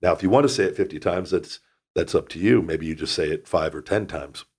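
A man's voice: deep voice, a little fast, slightly rough. A man hosting a podcast, giving a blunt, rambling motivational talk with casual swearing. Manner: blunt, profane, rambling with restarts. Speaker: podcast host.

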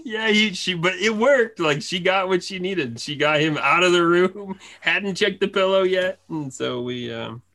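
Bright-voiced dad telling a story. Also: male voice, high voice, a little slow, hardly any pauses. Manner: animated storyteller who laughs and acts out family voices. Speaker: podcast co-host. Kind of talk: casual chat.

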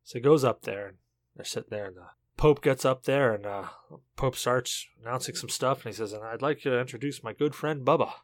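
A man's voice: medium pitch, brisk, dry recording. Tipsy man rambling on a podcast. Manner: rambling, self-interrupting, tipsy storytelling. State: drunk. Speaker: podcast co-host. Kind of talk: casual chat, telling a joke.

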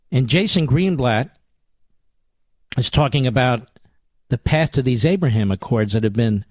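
A man's voice: medium pitch, darkish tone, dry recording. An older man hosting a political talk radio show, combative and sarcastic, speaking into a studio microphone.

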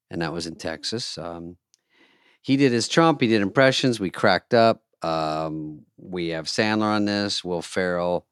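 A comedian hosting a podcast, introducing live-show clips in a loose, joking way that trails off into mumbles. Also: male voice, deep voice, smooth, no echo, studio quality. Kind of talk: casual comedic chat.

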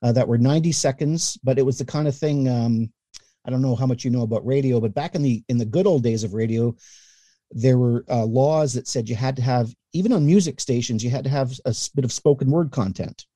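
Warm-toned chatty man telling radio stories. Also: medium pitch, brisk, no room sound. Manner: animated anecdotes, acts out quoted voices. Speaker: guest, newspaper columnist and radio voice. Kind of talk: casual interview storytelling.

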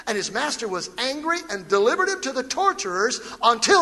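A man preaching a fiery sermon as pastor, building from quiet reading to shouted calls. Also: very high-pitched, big pitch swings, fairly quick, few pauses.

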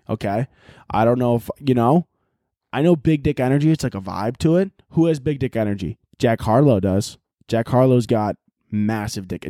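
A man hosting a solo podcast in casual chat, profane and rambling, mocking himself and jumping into loud, overdone voices to act out scenes. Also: medium pitch, dry recording, studio quality. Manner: jumps to loud exaggerated voices when acting out scenes. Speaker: podcast host.

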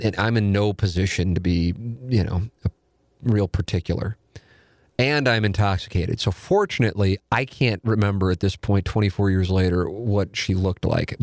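A man's voice: fairly low pitch, a little mellow, no echo, clean studio sound. A man in his forties, a podcast host, telling a rambling, self-deprecating and profane story in casual talk.

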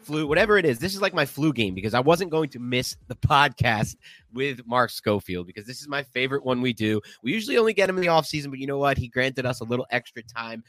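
A man's voice: medium pitch, animated, a bit bright, no room sound. A man hosting a podcast in casual chat, with a nasal voice and a stuffy head cold, talking eagerly and rambling. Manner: eager, rambling, with quick laughs. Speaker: podcast host.

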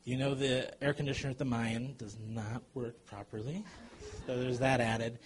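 A man telling a comic true story to a live audience, animated and chuckling as he goes. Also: mid-range voice, moderate pace.

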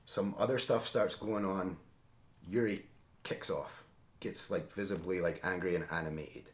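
A man telling a story in a casual, animated way, often tagging his lines with "right?". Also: deep voice, a little slow. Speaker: interview guest. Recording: roomy echo.

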